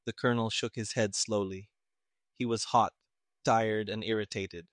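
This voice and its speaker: A man narrating an audiobook in a steady, plain storytelling manner. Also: on the low side, moderate pace, dry recording, clean studio sound.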